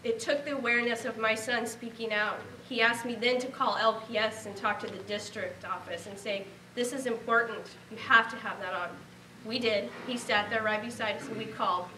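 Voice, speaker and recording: A woman's voice: on the high side, steady tone, brisk, hardly any pauses, sharp tone, distant mic, slight background noise. Woman from nebraska giving a heartfelt thank-you speech, roomy hall sound, faint murmur behind. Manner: heartfelt, earnest, speaking of a lost relative. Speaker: award recipient giving acceptance speech. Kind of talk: emotional acceptance speech.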